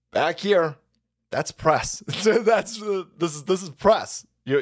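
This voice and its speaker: A foul-mouthed man rants on his own livestream, mocking and cackling as he goes. His voice sits a little high and swings about widely. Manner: crude, mocking, laughs often. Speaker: livestream host. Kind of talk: profane political rant stream.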